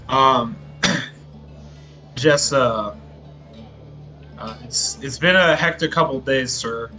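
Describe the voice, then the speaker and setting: Male player, bright voice, hesitant in-character talk; faint music bed. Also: mid-range voice, expressive, drawn-out words, pauses often. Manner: hesitant, quiet in-character replies. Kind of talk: casual tabletop role-play.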